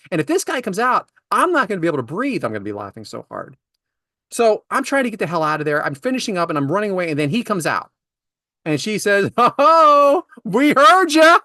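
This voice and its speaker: A man's voice: high voice, a bit bright, no echo, clean studio sound. Exasperated man ranting through stories. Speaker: podcast co-host. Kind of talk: casual comedic storytelling.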